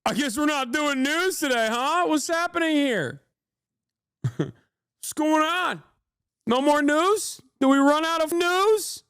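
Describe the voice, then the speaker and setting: A man voicing a whiny, mocking male chat viewer in a nagging, sing-song falsetto. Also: animated, slow pace, fairly bright tone, no room sound, studio quality, heavily acted. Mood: mocking whine.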